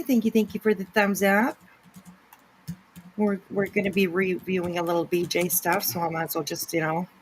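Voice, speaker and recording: A woman's voice: medium pitch, poor audio. A woman hosting a casual livestream, greeting chatters by name with giggly asides. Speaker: livestream host. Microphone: no camera, voice only.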